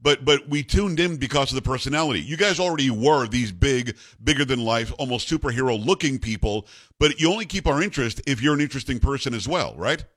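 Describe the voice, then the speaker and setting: A man hosting a radio talk show, chatting eagerly with his guest and cutting in with quick replies. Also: mid-range voice, lively intonation, fairly bright tone. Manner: enthusiastic, chatty, quick back-channel replies. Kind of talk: casual radio interview.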